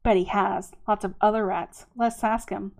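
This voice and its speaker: A woman reading aloud, voicing a bossy, sharp-tongued young girl who speaks bluntly and scornfully. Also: mid-range voice, fairly even intonation, normal speed, vocal fry, natural voice.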